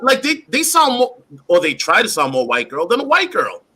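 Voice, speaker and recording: A man speaking as a panelist on a livestream, animated and often addressing the host. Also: high-pitched, normal speed, husky.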